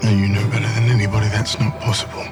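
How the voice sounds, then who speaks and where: An actor playing an impatient groom who talks in a brusque, pressing way, in a movie trailer. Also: male voice, on the low side, flat delivery, very fast, gravelly. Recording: movie trailer with loud music. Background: music.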